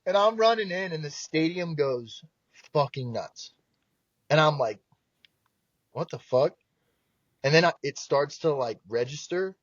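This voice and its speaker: Podcast guest: young man from South Jersey, lively profane storyteller, fairly high voice, dry dull recording. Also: moderate pace, no echo. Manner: animated, profane, acts out quoted voices. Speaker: podcast guest, pro baseball pitcher. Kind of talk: casual storytelling.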